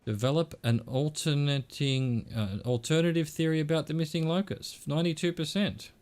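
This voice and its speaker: A man's voice: a little high, normal speed, darkish tone. Middle-aged man from Australia reading a story game. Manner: reads character lines and narration in his own voice with asides. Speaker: streamer. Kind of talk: reading a narrative game aloud.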